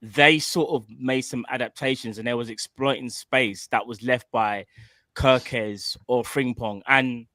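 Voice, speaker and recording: A man's voice: medium pitch, fairly even intonation, a little slow, bright, forceful tone, no echo. A man co-hosting a casual football talk show, laid back and full of slang. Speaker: co-host.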